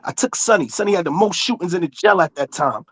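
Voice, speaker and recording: A man is arguing heatedly in casual conversation, his voice sitting high, animated and fast, with no echo. He is insistent, repeats himself to be heard, and talks over others.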